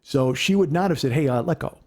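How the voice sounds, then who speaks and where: A middle-aged man with a slightly higher voice, spinning a long story in a relaxed, unscripted way. He swears freely and slips into the voices of the people he quotes, keeping the telling animated. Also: fairly quick. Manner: animated, profane, acts out quotes. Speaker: comedian podcast host. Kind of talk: casual storytelling.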